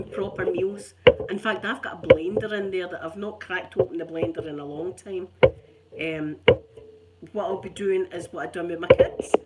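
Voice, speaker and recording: A woman's voice: mid-range voice, heavy background noise. A middle-aged woman with a Scottish accent, rambling in casual chat as an ASMR channel host, chatty and self-mocking. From Scotland.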